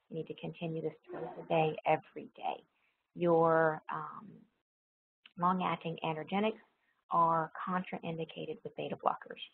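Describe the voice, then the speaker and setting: A low, gravelly woman's voice delivers a pharmacology lecture, working through each point carefully and repeating what matters, with plenty of ums along the way. The sound is thin and tinny, like it came over a phone line, with a faint hiss under it. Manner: explanatory, repeats key points, frequent ums. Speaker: nursing pharmacology instructor. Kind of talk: recorded lecture.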